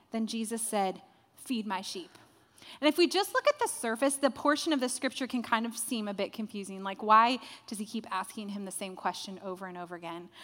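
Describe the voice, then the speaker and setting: A woman's voice: a little high, pushed and bright. A woman pastor preaching a sermon to a congregation, telling the story with acted-out quotes. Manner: storytelling, acts out quoted dialogue. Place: church hall with a congregation. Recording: reverberant hall.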